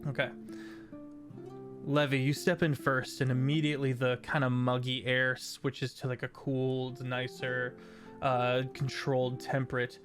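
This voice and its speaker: A man narrating a tabletop game as game master, unhurried and full of fillers. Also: mid-range voice, little pitch movement, fairly bright tone, soft background music. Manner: unhurried, hesitant with many fillers.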